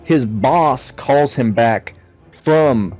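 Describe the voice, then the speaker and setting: A man's voice: mid-range voice, very slow, darkish tone, dull audio, soft background music. A man co-hosting a casual movie review podcast, joking and swearing freely. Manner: profane, jokey. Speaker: podcast co-host.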